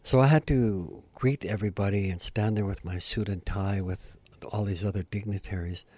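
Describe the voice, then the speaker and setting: An older man, a musician appearing as a guest storyteller, shares a heartfelt story in an interview. His tone is darkish and his pace moderate. He stays earnest throughout, his pitch and volume climbing as the emotional peaks arrive.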